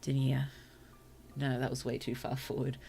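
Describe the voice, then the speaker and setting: A woman streamer reading short stories aloud to her chat, slow and careful, with apologetic asides between passages. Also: rumbling low, steady tone, gravelly, soft background music. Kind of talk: story reading on a livestream.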